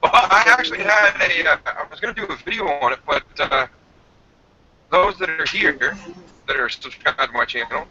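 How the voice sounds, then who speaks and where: Bright-voiced man from New Brunswick. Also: fairly high pitch, moderate pace, husky, muffled recording. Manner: chatty, laughs often, many fillers. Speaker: channel host. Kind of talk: casual livestream chat. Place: home.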